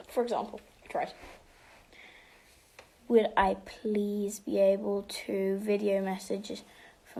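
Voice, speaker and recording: In a room at home, a teenage girl chats casually on a livestream, answering fan questions. She switches between English and Spanish, sometimes slipping into a soft half-whisper, and her pitch is medium.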